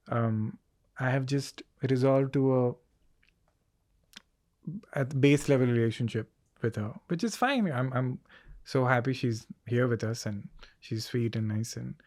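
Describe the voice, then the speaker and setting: A comedian in a casual interview, animated and acting out both sides of his conversations. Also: mid-range voice. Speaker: comedian guest.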